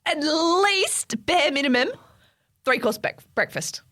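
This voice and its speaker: Woman, high bright voice, lively pitch, quick reactions. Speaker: podcast co-host. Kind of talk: casual chat.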